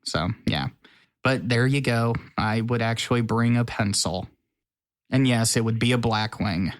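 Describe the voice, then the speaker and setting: A man co-hosting a podcast in casual chat, relaxed and teasing. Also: mid-range voice, unhurried. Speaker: podcast co-host.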